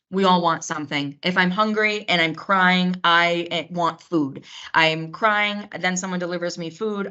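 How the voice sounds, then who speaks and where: A woman's voice: on the low side, bright, forceful tone. A woman giving an instructional talk on autism care, earnest and explanatory, often restarting her words. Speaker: autism training presenter. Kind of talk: instructional presentation. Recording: slightly dull lo-fi sound.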